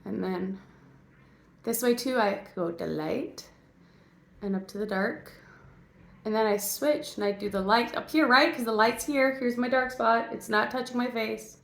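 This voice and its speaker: Speaking a little slowly in a gravelly voice on the high side, an actress and mother takes her viewers through her makeup routine. The adult parent keeps it silly and chatty, talking straight to the camera in a casual tutorial.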